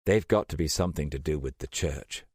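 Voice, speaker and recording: A man's voice: rumbling low, brisk, darkish tone, slightly rough, dry recording, studio quality. A man voicing an earnest, driven woman archaeologist. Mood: serious.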